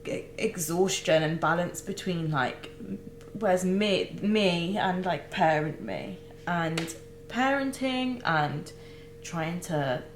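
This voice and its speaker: Low-voiced woman, halting candid vlog. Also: animated, echoey room, a little hiss or hum, rough recording. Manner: halting, searching for words, many fillers and restarts. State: close to tears. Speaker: vlogger.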